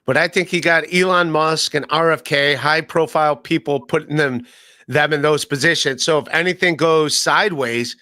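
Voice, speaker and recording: A man's voice: fairly high pitch, moderate pace, pushed and bright, dry recording, clean studio sound. A man hosting a podcast, chatting casually and joking around with rambling asides and lots of fillers. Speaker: podcast host. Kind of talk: casual comedic chat.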